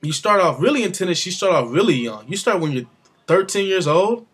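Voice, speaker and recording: A man's voice: high-pitched, lively intonation, brisk, a bit bright, slightly rough. A man giving his casual, rambling opinions on the sport, with offhand asides. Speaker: sports commentator vlogger.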